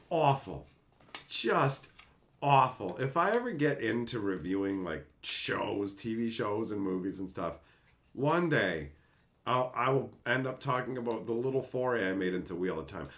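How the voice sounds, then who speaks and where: A man's voice: mid-range voice, big pitch swings, measured pace. A man casually ranting on a livestream, reading chat aloud, laughing and swearing as he gets worked up.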